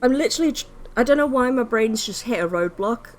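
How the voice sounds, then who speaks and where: A woman chatting her way through a live-streamed game. Her pitch swings up and down a lot as she talks. She is self-deprecating and swears casually, with soft game music faint behind her. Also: lively intonation, quick pace. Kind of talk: live-stream gameplay commentary.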